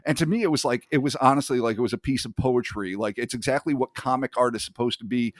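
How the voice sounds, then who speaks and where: A man's voice: mid-range voice, fast talker, dry recording. Man, reflective podcast talk, articulate, casual swearing, dry sound. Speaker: podcast co-host. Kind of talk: casual chat.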